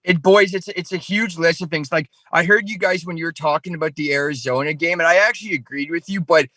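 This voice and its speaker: A Canadian man talks as a podcast guest in a high, bright voice. He rambles and swears nonstop in loose, crude chat. The sound is dry and close to the mic. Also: fast talker, no echo. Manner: profane, rambling, ranting.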